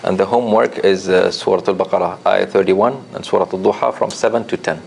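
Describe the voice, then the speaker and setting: Gravelly low-voiced man teaching recitation. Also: steady tone, quick pace, slight background noise. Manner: gentle corrective explanations with light laughs. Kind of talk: classroom tajweed lesson.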